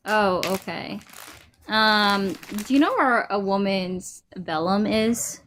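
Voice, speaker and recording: A woman's voice: mid-range voice, expressive, takes it slowly, fairly bright tone, slight background noise. A woman co-hosting a live stream, joking and teasing with a playful manner. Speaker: co-host.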